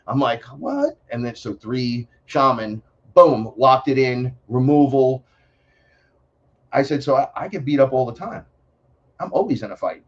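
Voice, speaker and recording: A man telling stories as an interview guest, excitable and profane, acting out voices as he goes. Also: medium pitch, normal speed. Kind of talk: animated storytelling. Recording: dull lo-fi audio.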